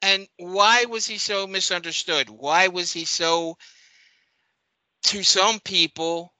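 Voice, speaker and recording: A male co-host asking a guest a question in a slow, deliberate way. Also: high voice, fairly even intonation, sharp tone, no room sound, low-quality recording. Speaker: radio co-host. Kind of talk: interview questions.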